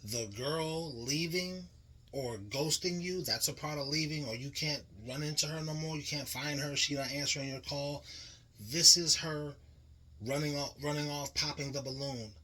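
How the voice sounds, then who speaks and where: Bright-voiced man in slangy reaction chat. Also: on the high side, normal speed, poor audio. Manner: animated, slangy, restarts to make a point. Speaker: podcast co-host.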